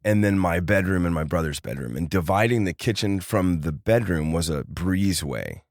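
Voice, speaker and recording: Deep-voiced man telling a story. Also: moderate pace, no room sound, studio quality. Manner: animated storyteller acting out quoted voices. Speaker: podcast guest. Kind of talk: casual storytelling.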